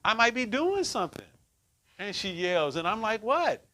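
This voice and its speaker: A man's voice: high-pitched, big pitch swings, moderate pace, pushed and bright. A middle-aged man leading a relationship workshop for a group, talking conversationally and often checking in with "right?". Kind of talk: teaching a group class.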